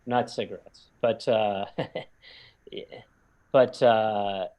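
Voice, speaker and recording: A man, a guest comedian, chatting casually and cracking wry, deadpan jokes over a video call. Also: on the low side, extremely slow, highs cut off. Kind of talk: casual comedic interview chat.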